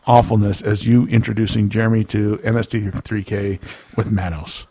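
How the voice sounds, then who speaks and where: A man co-hosting a podcast in casual chat, agreeable and quick to laugh. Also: fairly low pitch, flat delivery, mellow, husky. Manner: chatty, agreeable, laughs easily. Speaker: podcast co-host.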